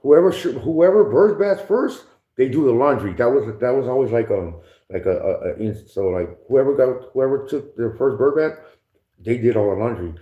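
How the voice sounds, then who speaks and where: At a moderate pace, a man with a medium-pitched voice and lively intonation tells prison stories as a podcast guest. He's casual, using heavy slang and swearing, often laughing and imitating others, in an echoey room with dull lo-fi sound.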